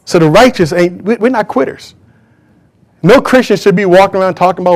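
A man's voice: sits high, fairly quick. A man preaching a sermon to a church congregation, emphatic and drawing call-and-response from the crowd. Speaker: pastor.

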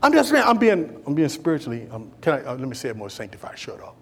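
A man preaching a sermon as pastor, animated and folksy, swinging between loud and hushed delivery with playful asides to the congregation. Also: on the high side, fast talker, slight background noise.

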